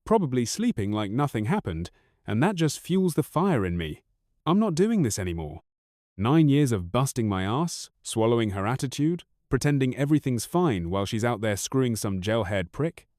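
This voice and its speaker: A man's voice: mid-range voice, sing-song, normal speed, a little mellow, dry recording, studio quality. A man in his thirties narrating a first-person story in a bitter, raw, profane way.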